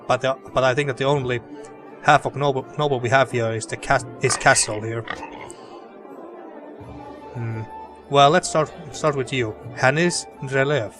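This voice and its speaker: A man's voice: medium pitch, a little slow, long pauses, a bit bright. A man hosting a let's play, chatting and joking through gameplay commentary and often restarting his sentences. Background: faint game music.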